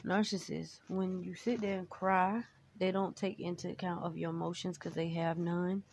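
A woman's voice: on the low side, level tone, normal speed, darkish tone. A woman hosting her own podcast, talking candidly and emotionally in a rambling, casual way with many fillers. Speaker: podcast host. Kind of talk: casual personal talk. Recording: dull lo-fi sound, faint noise.

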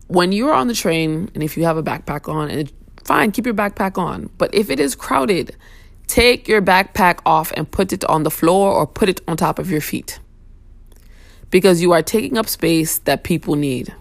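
A woman's voice: lowish voice, animated, a little fast, creaky, no echo. A young woman hosting a casual talk show, venting bluntly and sassily with plenty of profanity. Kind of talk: casual opinion rant.

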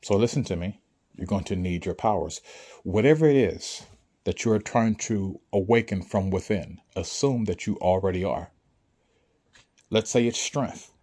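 A man's voice: on the low side, dark tone. A man speaking to listeners in an emphatic, preachy monologue, often asking if they understand. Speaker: spiritual speaker. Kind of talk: motivational monologue to an audience.

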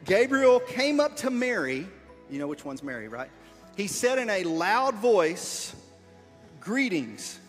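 Playful high-voiced man leading a kids' skit. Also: sing-song, a little slow, big-room sound, faint music behind. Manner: playful, encouraging, coaching. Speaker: leader of a children's skit. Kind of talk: reading a story aloud while directing volunteers. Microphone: wearing a body mic.

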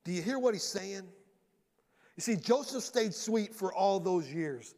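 A man preaches from a church stage with a high voice. He tells the story in a lively way and often slips into the voices of the people he quotes. His voice carries a long reverb from the large hall. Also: unhurried. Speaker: pastor. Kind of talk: sermon.

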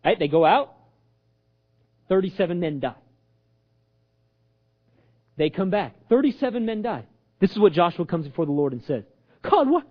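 A man's voice: sits high, moderate pace, long pauses, muffled recording. A man preaching a sermon as pastor, acting out the voices he quotes and joking along the way. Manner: animated, acts out quoted voices, jokes with audience.

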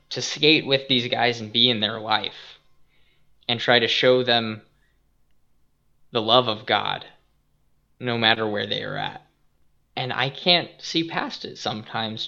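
A young man hosting a casual podcast, retelling a Bible story in an animated, earnest and reflective way, on a dull lo-fi recording. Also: mid-range voice. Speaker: podcast host and youth skate minister.

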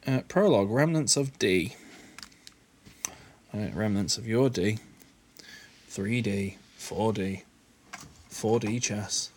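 A man's voice: on the low side, takes it slowly, pauses often, slight background noise. A man swearing and muttering through casual commentary as he plays a game. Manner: sweary, animated, mutters under his breath. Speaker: gamer.

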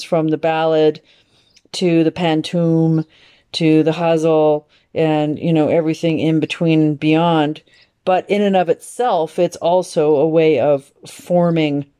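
Woman host, informal poetry lesson, unhurried with frequent pauses, warm and smooth. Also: low voice. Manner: unhurried, thoughtful, with many pauses and fillers.

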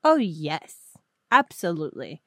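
Female podcast co-host who is slow-spoken and teasing, with a lively pitch and a dry close sound. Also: dry recording. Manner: teasing, reactive, wry asides. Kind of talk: casual chat.

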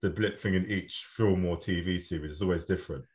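A deep-voiced man chats loosely about films on a podcast. He is laid-back, leans on slang and trails off into fillers. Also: steady tone, a little fast. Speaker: podcast co-host. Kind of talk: casual chat about films.

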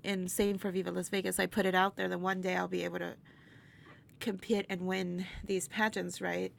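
Woman guest, gravelly edge, animated storyteller who laughs a lot and acts out quotes; light background hiss. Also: lowish voice, normal speed. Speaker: interview guest, burlesque performer. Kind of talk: casual storytelling chat.

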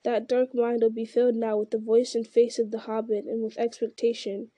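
A woman reading aloud voices a commanding old wizard, grave and measured. The voice sits a little high, with a very mellow, warm tone and a dry, close sound. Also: level tone, no echo, close to an everyday voice. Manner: grave, measured delivery that rises to urgent cries. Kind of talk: reading a fantasy novel aloud.

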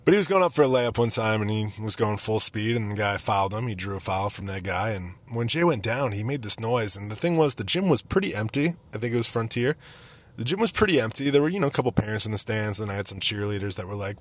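A man's voice: fairly low pitch, animated, fast talker. A young man hosting a podcast, telling casual stories about a friend with self-mocking jokes. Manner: self-mocking, joking, nostalgic. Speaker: podcast host. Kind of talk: casual storytelling monologue.

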